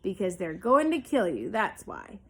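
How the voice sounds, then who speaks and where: A woman's voice: medium pitch, wildly swooping pitch, normal speed, a bit bright, breathy edge, exaggerated voice. A woman reading aloud, voicing an old female sheep who delivers bad news bluntly. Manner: blunt, matter-of-fact gossiping.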